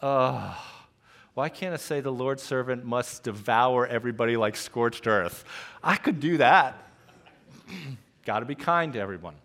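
Guy pastor preaching, mid voice, animated and jokey, growls for laughs. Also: mid-range voice, normal speed. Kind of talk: sermon.

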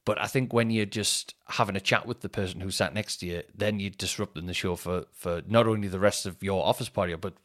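A man, a comedian and podcast host telling stories in a rambling, sweary, animated way. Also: sits low, brisk, hardly any pauses. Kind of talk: casual storytelling chat.

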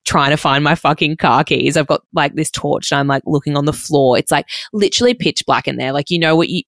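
A young woman with a low voice tells a wild story in casual chat. She swears constantly, leans on "like" and acts out every quote. The recording is dry and close. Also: no room sound. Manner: swears a lot, heavy "like" filler, animated quoting.

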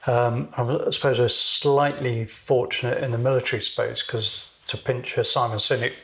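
A man in his fifties, a military officer, talking in a measured, reflective way in an interview. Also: mid-range voice, little pitch movement, creaky, fairly bright tone. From United Kingdom. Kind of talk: casual interview talk.

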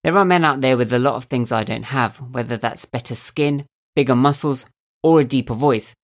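A young man with a voice he calls squeaky and nasal, giving calm, earnest motivational advice to camera as a self-help video host. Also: moderate pace. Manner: calm, earnest, coaching tone with rhetorical questions. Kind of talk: reflective motivational talk to camera.

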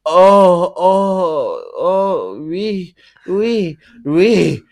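A man's voice: high-pitched, big pitch swings, creaky, darkish tone, pitched above the performer's own voice, full character voice. A man hamming up a moaning French sex worker. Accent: put-on French. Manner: moaning, drawn-out, exaggerated.

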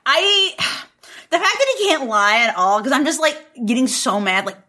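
Animated, bright-voiced woman ranting. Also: sits high, normal speed. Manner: animated, exasperated ranting with frequent laughter. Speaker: podcast co-host. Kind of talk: casual book-club chat.

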